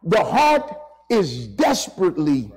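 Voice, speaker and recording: A man's voice: a little high, wildly swooping pitch, darkish tone, low-quality recording. A man preaching a sermon in a church, impassioned, stretching out key words for emphasis and calling the congregation to say amen. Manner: impassioned, drawn-out emphasis, calls for amens. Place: church sanctuary.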